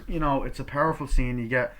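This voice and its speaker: Young man excitedly reviewing a movie. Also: medium pitch, normal speed. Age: young adult. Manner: excited, swears, acts out quoted lines. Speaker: film reviewer.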